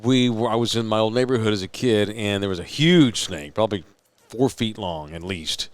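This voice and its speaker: A man, co-hosting a podcast, telling stories in a lively, animated way. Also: fairly low pitch, moderate pace, smooth, no room sound. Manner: animated storyteller, acts out quoted voices. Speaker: podcast co-host. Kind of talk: casual storytelling chat.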